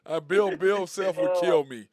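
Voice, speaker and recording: A man's voice: sits high, measured pace, darkish tone, no echo. A man hosting casual sports talk radio from a studio mic, teasing his co-hosts and chuckling often. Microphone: studio microphone.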